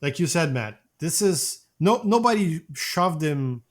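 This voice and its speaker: A man co-hosting a film review podcast, talking casually with animated, halting restarts. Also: on the high side. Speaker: podcast co-host.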